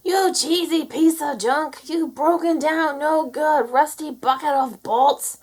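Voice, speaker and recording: Woman as a cautious cow, high pitched, anxious, pleading, storybook read-aloud. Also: slow. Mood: shouting. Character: cautious worried female cow friend.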